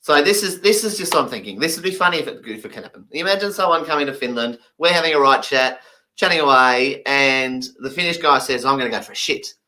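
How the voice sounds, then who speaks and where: A man voicing a deaf comedian's stand-up story, animated and acting out the people he quotes. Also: a little high, fast talker, low-quality recording.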